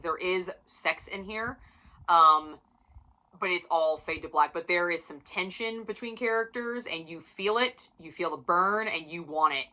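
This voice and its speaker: A woman giving a casual, profane book review for her channel, swinging from loud emphasis to near-whispers. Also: on the low side, low-quality recording.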